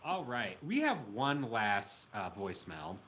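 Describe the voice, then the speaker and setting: Guy cohosting a podcast stream, sharp bright voice, bouncy pitch, dull slightly hissy audio. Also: a little slow. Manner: laughs often, animated and playful. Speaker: podcast co-host. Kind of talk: casual livestream chat.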